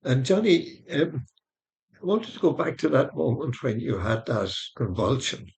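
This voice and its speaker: A man hosts a faith podcast, gently prompting his guest with questions and ending the show with a blessing. His voice has a gravelly edge at a middle pitch. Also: sing-song, unhurried. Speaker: podcast host. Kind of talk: interview and sign-off.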